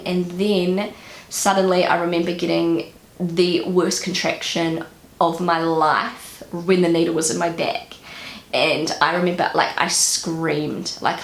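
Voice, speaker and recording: A woman's voice: fairly low pitch, gravelly. A young woman with a New Zealand accent, telling a personal story to camera in a chatty way, with many fillers and repeated words. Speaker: vlogger. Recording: echoey room with faint noise.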